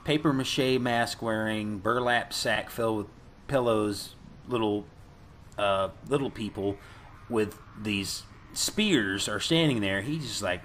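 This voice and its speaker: A man co-hosting a casual podcast, recapping a movie with profanity and acting out the characters' lines in loud, high voices. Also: slow, slight background noise. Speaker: podcast co-host.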